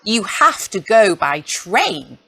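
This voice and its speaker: A woman voicing a lively, welcoming male city mouse who talks in a cheerful, bossy way. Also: medium pitch, slow, slightly rough, dry recording, exaggerated voice, low-quality recording.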